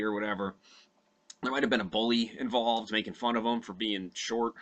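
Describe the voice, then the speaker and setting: Rambling, profane man with a bright voice. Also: mid-range voice, moderate pace. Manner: rambling, profane, many fillers. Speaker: podcast host recounting a movie from memory. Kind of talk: casual comedic retelling.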